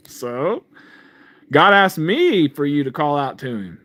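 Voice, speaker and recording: A man hosts a casual livestream about faith, reading viewer comments and responding to them while rambling loosely, chuckling often, and repeatedly saying "man." His voice is a little high and sing-song, slow-paced and a bit bright.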